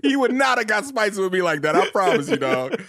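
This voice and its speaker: A man co-hosting a casual sports podcast, speaking in a profane, emphatic way that swings from low mumbles to loud, laughing rants. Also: sing-song, brisk. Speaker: podcast co-host.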